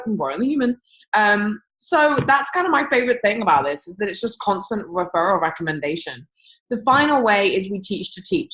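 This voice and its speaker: A young woman talks in a bouncy, chatty way, her voice jumping up high for emphasis as she makes her pitch on a call. She sounds like she's at home, with her voice ringing around a bare, echoey room. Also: a bit bright. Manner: chatty and upbeat, big leaps in pitch, playful asides. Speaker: business team presenter on a group call. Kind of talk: animated sales pitch to a call audience. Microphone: computer or phone on a call.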